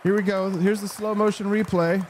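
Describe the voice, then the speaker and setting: A man's voice: high voice, flat delivery, moderate pace, a little mellow, a faint crowd, slight background noise. A man hosting a political commentary show, talking in a sarcastic, combative way and reading out viewer comments. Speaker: host.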